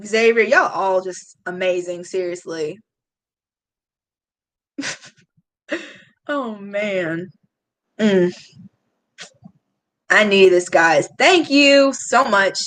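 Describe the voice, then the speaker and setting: A woman's voice: medium pitch, lively intonation, extremely slow, pauses often, a bit bright, poor audio. A woman, chatting casually and confiding in viewers on a live stream. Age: late 20s. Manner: emotional, confiding, talks straight to chat. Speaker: YouTube beauty vlogger.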